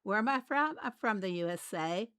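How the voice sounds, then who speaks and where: Animated and moderately paced, this woman's mid-range voice has a fairly bright, clean tone with no room sound. She hosts a game channel, hails from Arkansas, USA, speaks with a light Southern accent, and laughs often while casually commenting on her play.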